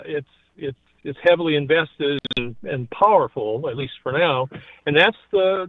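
A man's voice: fairly high pitch, no room sound. Guy calling in from his car, kinda rambly, laughs a lot, thin phone line sound, dry. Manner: rambling, chuckling. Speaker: caller.

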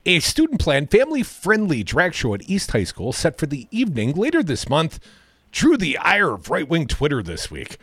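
A man from Madison, Wisconsin holds forth as a talk radio co-host, his voice pitched a little high and bouncing widely as he delivers sarcastic, opinionated asides. He sounds dry and close to the microphone, with no room around him. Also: wildly swooping pitch, normal speed, a bit bright, slightly rough, no echo. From Madison, Wisconsin, USA. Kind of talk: casual political talk radio.

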